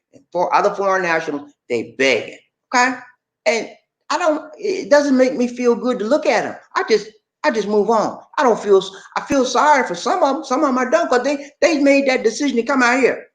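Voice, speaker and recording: A livestream host from Georgia, USA, speaks at normal speed in a very high, expressive voice. He chats casually with viewers but lectures them bluntly in a preachy, colloquial way, and the room is echoey.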